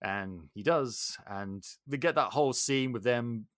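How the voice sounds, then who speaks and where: A man hosting a podcast, retelling a film plot in animated, jokey casual chat. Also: mid-range voice, measured pace, dry recording, studio quality. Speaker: podcast host.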